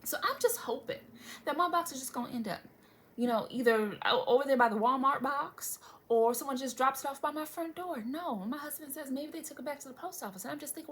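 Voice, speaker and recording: A woman's voice: high-pitched, lively intonation, brisk, a little hiss or hum. A young adult woman vlogger telling a story in casual chat, dramatic and sarcastic, swearing freely and asking viewers asides. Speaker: beauty vlogger.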